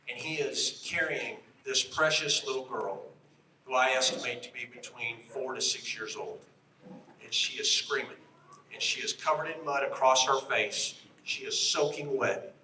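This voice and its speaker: A man's voice: mid-range voice, noisy background. A middle-aged man, a retired state police officer, tells a story in an emphatic rally speech and speaks straight to the crowd. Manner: emphatic, addresses the crowd directly. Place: outdoor rally. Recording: echoey, distant from the mic.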